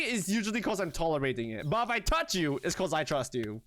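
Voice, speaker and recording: A man live-streaming a game, chatting casually with his viewers in an excitable, animated way and swearing freely. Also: high voice, fairly quick, hardly any pauses, dry recording.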